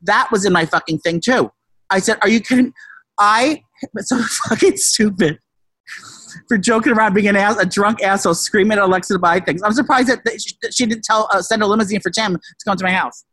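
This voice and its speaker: A casual, profane storyteller who rambles with many restarts and shouted quotes. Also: male voice, high voice, a little fast, no echo. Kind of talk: casual chat.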